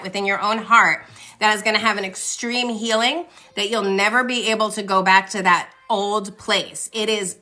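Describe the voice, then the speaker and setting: A woman's voice: mid-range voice, bright, forceful tone. A woman in her forties giving chatty, reassuring tarot readings on a live stream, speaking to viewers by name. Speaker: tarot reader. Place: home, livestream. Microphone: phone.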